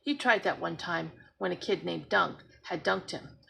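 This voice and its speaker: A woman's voice: lowish voice, normal speed, creaky, sharp tone, slight background noise, low-quality recording. A woman expressively reading a children's book aloud as a storyteller. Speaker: storybook reader.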